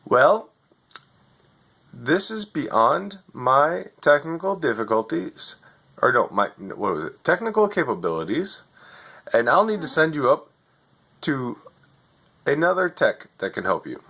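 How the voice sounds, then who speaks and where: Guy doing a high-voiced tech support dude, polite, repeats the same script over and over. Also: big pitch swings, a little slow, gravelly, long pauses, bright, forceful tone, breathy edge, full character voice. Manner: polite, repetitive, script-reading. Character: male overseas tech support agent, scripted and clueless.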